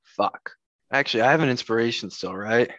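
A man's voice: mid-range voice, a little fast, fairly bright tone, dry recording, lo-fi sound. A man playing a tabletop game, talking casually and bluntly with the game master. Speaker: player.

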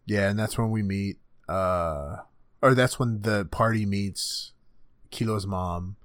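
Young male co-host, lowish voice, animated and profane, dry close headset sound. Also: slow, no room sound. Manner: animated, swears a lot, acts out scenes in silly voices. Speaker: podcast co-host. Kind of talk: casual chat. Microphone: budget gaming headset.

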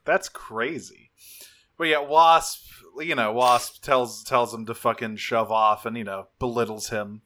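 A man with a bright, forceful voice co-hosts a casual podcast. He recaps a cartoon episode, swears often and jumps into quick impressions of the characters. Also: mid-range voice. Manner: profane, animated, acts out characters' lines. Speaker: podcast co-host.

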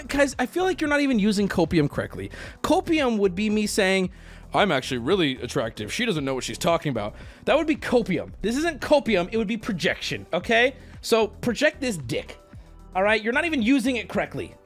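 High-pitched guy streaming, tells stories all over the place, swears a lot, bit of music underneath. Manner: animated, swearing, rambling with restarts. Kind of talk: casual livestream storytelling.

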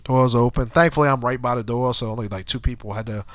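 Talking at a quick pace with a medium pitch, a man from around New Orleans, nasal and stuffed up from a cold, shares a crude anecdote on a podcast through a handheld mic. He co-hosts the show, and his casual storytelling wanders off into frequent asides, captured in a dry recording.

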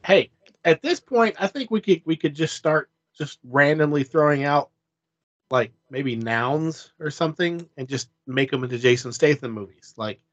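A man's voice: fairly high pitch, lively intonation, moderate pace, fairly bright tone, muffled recording. A man co-hosting a casual movie chat, throwing out goofy, playful riffs. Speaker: podcast co-host.

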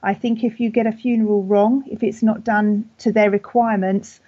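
A woman with a British accent, a funeral celebrant, talking in a gentle, thoughtful way with frequent ums and restarts in a podcast interview. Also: mid-range voice, flat delivery, normal speed, no room sound, highs cut off.

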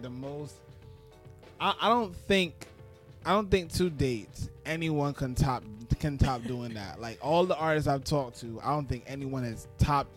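A man hosting a hip-hop interview podcast, laid-back and chatty. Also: medium pitch. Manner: laid-back, lots of backchannel. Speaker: host.

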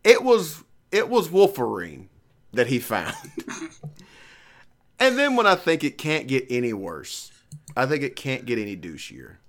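Middle-aged man, casual chat, profane storytelling, lively voice. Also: mid-range voice, moderate pace.

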